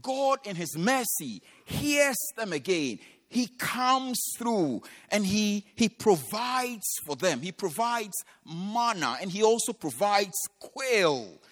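A high-voiced man preaches with a lively, swooping delivery. He retells a scripture story dramatically and acts out its voices. His voice rings with a long hall reverb. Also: takes it slowly, few pauses. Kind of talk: sermon.

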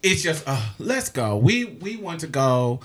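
A young man telling a story in casual chat, animated and profane, with loud exclamations. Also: on the high side, measured pace.

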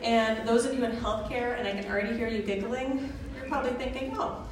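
A woman's voice: fairly high pitch, fairly even intonation, fairly quick. Woman telling a funny self-mocking story onstage, sounds far off in a big echoey hall, some background noise. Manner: comic, self-mocking, vivid delivery. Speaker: storyteller, student midwife. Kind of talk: live personal storytelling.

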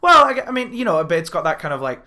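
A man co-hosting a podcast, rambling excitedly in casual chat and swearing now and then. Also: sits high, fast. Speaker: podcast co-host.

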